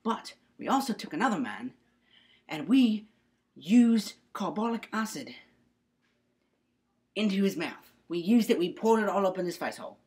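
A woman's voice: mid-range voice, sing-song, moderate pace, pauses often, darkish tone. A young woman presenting a comedic mock-science skit, rambling and mock-serious with playful asides. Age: young adult.

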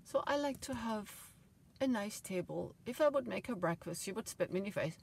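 A middle-aged woman telling a rambling personal story in a vlog, swinging between loud outbursts and quiet asides. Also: medium pitch, expressive, normal speed, creaky, a little hiss or hum. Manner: emotional, swings loud and soft, laughs often. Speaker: vlogger.

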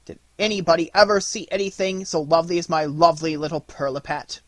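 A man voicing an overjoyed, giddy king who cheers loudly. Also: on the high side, steady tone, fast talker, no echo, pitched above the performer's own voice, lightly acted. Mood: exultant. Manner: loud, exultant cheering.

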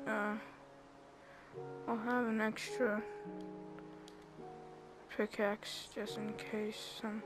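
A young woman giving casual, chatty commentary while playing a video game, thinking aloud and bursting into laughs and squeals. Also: medium pitch. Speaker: gamer. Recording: game music behind the voice.

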